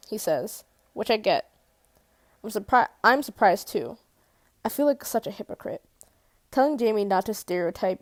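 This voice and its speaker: A woman's voice: mid-range voice, a little mellow, no room sound. A woman reading a first-person novel aloud in a casual way, correcting her slips and swearing at them. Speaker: audiobook reader.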